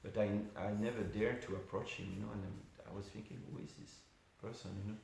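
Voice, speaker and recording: A man's voice: on the low side, fairly even intonation, a little fast, gravelly, a little mellow. A man giving an informal class at a temple, telling a story conversationally with many asides. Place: temple hall. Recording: very echoey room with faint hiss.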